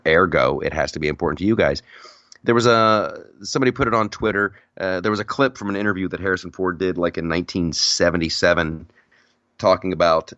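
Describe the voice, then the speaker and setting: A man with a low voice hosts a casual podcast chat, rambling through stories with lively energy and frequent restarts. The recording is dry, with no room echo, and slightly dull. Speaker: podcast host.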